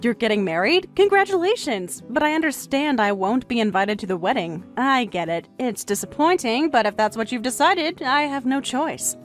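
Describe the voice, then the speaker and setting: A woman voicing a gentle, lilting young wife. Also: on the high side, moderate pace, few pauses, natural voice. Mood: mild. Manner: gentle and calmly accepting. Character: polite, patient young wife. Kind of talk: dramatized text-message story. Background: faint music.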